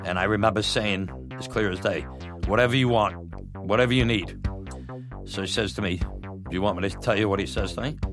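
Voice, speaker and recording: A middle-aged man telling a personal story, animated and laughing often, acting out what others said. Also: low voice, fast, vocal fry. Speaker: storyteller, former batboy. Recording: music bed under voice.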